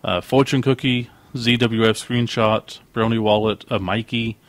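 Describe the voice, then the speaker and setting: A man's voice: fairly low pitch, normal speed, dry recording. A man co-hosting a casual podcast, telling stories eagerly and acting out what others said. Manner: animated storyteller who acts out quoted voices. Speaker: podcast co-host.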